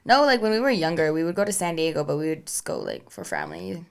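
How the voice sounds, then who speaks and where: A woman's voice: low-pitched, huge pitch swings, fast, gravelly. A young woman co-hosting a podcast, chatting casually and laughing often, with many "like"s and "you know"s. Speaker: podcast co-host. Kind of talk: casual chat.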